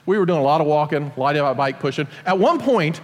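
Animated high-voiced man telling a story. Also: fast, big-room sound. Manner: animated, self-deprecating storyteller. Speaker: father telling a personal story. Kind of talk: storytelling to an audience.

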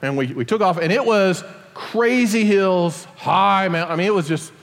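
Man, middle-aged, high-pitched, animated storyteller, self-deprecating, long hall reverb. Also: moderate pace. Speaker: father telling a personal story. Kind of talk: storytelling to an audience.

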